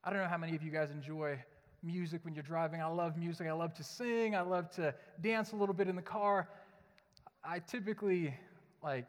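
A young adult man, a pastor, preaching a sermon in a conversational, joking, storytelling manner. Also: a little high. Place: church sanctuary. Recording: long hall reverb.

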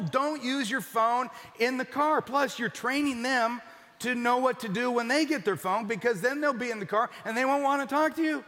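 A high, bright-voiced man preaches to a large church, emphatic and dropping to a near-whisper for the points that matter most. His voice carries a long reverberant hall tail. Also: normal speed. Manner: emphatic, drops to a hush for key points. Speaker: pastor. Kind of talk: sermon.

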